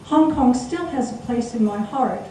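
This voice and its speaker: A woman's voice: on the high side, normal speed, warm tone, a little hiss or hum, pitched above the performer's own voice, lightly acted. A woman voicing a haughty young businesswoman with an American accent, snappish and dismissive, recorded live in an echoey room from a distance.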